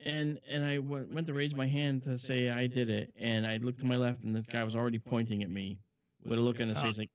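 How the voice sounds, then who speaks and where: A man guest on a talk show, a film model maker, telling chatty, animated anecdotes full of asides. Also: medium pitch, brisk, no room sound. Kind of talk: anecdotal storytelling. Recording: dull lo-fi audio.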